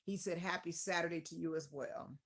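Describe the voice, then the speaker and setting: A woman's voice: on the low side, steady tone, brisk, a bit bright. A woman hosting a casual live stream interview, effusive and greeting her viewers by name.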